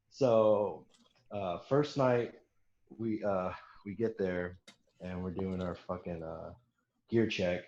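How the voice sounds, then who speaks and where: A man's voice: low voice, takes it slowly, pauses often, reverberant, dull audio. A young man telling a long war story in casual podcast chat, swearing often and laughing as he acts out what others said. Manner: profane, laughing, quotes others in animated bursts.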